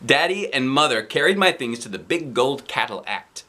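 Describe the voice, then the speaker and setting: A man reading a children's book aloud, playful and animated, with little asides. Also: mid-range voice, normal speed. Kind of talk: storybook read-aloud.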